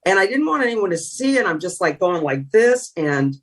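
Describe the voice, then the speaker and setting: A woman's voice: on the low side, big pitch swings, moderate pace, slightly rough. A middle-aged woman from California, a former sideline reporter being interviewed, telling stories earnestly with frequent restarts. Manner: earnest storytelling, trailing restarts. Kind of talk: emotional reflective interview talk.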